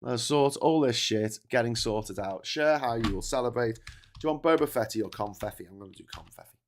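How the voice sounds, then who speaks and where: A man with a posh Scouse accent hosts a live political stream, talking at a brisk pace in a medium-pitched voice. He rambles casually, swears a lot and keeps restarting his sentences as he reads out chat messages and responds to them.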